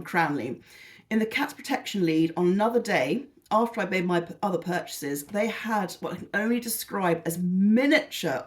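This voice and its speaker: Chatty British woman, rambling and gushing. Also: medium pitch. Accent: British English. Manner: rambling, self-deprecating and gushing. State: tired and lethargic. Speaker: vlogger. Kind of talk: casual chatty haul video.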